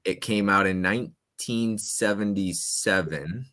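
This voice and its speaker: Deep-voiced playful male quiz host. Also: measured pace. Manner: playful, restless, jumps between loud and quiet. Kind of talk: casual quiz chat.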